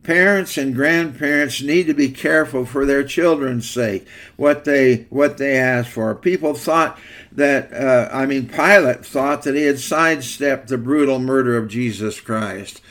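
A man's voice: medium pitch, a little slow, a bit bright. A man preaching a sermon in an earnest way, reading scripture aloud between plain remarks.

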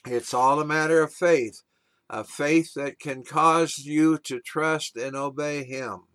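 Male preacher with a slightly high voice, earnest sermon delivery, close dry sound. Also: slow, no echo. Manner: earnest, steady storytelling.

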